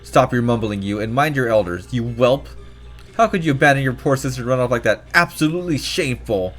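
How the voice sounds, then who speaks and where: A man's voice: medium pitch, expressive, brisk, a bit bright, faint music behind. A man voicing a cranky old female tribal elder who scolds, barks orders and lectures impatiently. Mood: scolding. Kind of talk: voiced game playthrough.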